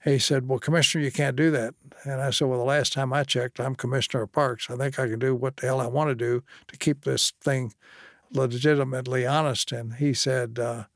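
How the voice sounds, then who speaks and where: Gravelly older man telling stories. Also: mid-range voice, fairly even intonation, a little fast, no room sound, studio quality. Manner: plainspoken anecdotal storyteller, quotes others. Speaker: former state official and guest. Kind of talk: storytelling interview.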